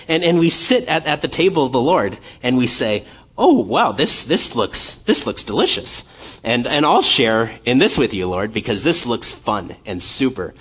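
A guest speaker preaches a sermon with passion, his medium-pitched, husky voice building from quiet to fervent. He often repeats and restarts his words.

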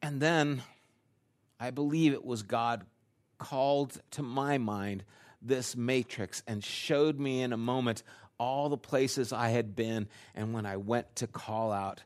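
An older man, a grandfather, preaching a sermon and telling a personal story, acting out his own lines and dropping to a hushed delivery at times. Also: mid-range voice, slow. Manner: drops to a hushed, quiet delivery. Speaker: pastor.

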